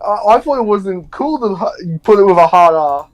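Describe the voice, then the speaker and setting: Man, casual gaming chat, flustered, stammers, swears, a bit high-pitched. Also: animated, moderate pace, highs cut off, soft background music. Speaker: friend playing along.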